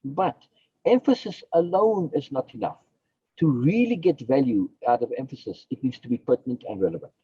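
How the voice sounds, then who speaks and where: A man's voice: mid-range voice, big pitch swings, fairly quick, mellow, breathy edge, no echo, highs cut off. A man, a philosophy guest on a podcast, explaining his ideas emphatically, repeating key phrases and asking and answering his own questions.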